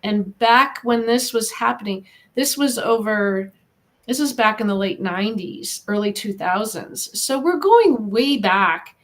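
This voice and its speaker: A woman's voice: a little high, animated, unhurried. A middle-aged American woman, a guest in an interview, telling her story in an earnest, encouraging way. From United States. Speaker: guest, animal communicator. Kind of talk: casual interview talk.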